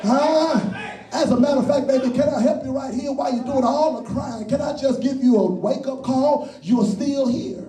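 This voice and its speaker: A man preaching a sermon with call-and-response, shouting and then dropping low. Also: normal speed, faint music behind, a faint crowd. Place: church. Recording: echoey church from far off.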